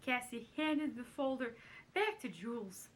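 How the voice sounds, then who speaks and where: A woman doing a raspy, quavering older showbiz grande dame while reading a storybook page aloud theatrically. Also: on the high side, expressive, a little slow, fairly bright tone, a little hiss or hum.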